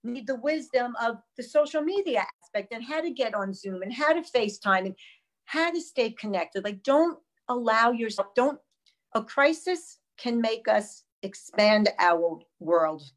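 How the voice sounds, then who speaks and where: Female host, fairly high voice, emphatic and animated. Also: a little slow. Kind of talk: casual live conversation.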